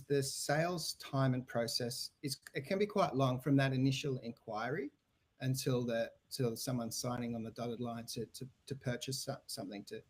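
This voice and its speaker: Australian man, rambling interview answers. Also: medium pitch. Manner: rambling, frequent restarts and fillers. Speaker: guest, website business owner.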